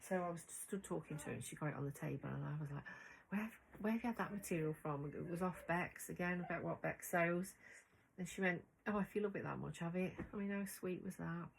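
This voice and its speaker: A woman's voice: fairly low pitch, fast talker, creaky, a little hiss or hum, low-quality recording. A middle-aged woman chatting casually to camera about her sewing, bubbly and rambling. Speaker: sewing vlogger.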